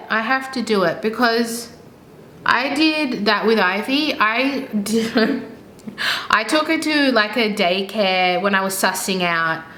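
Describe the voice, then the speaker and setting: A young woman talks casually to her viewers while she does her makeup at home. She rambles and thinks out loud in a mid-pitched voice. The room is echoey, with a faint background hum. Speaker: beauty vlogger and mother. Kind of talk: casual get-ready-with-me chat. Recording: roomy echo with faint ambient noise.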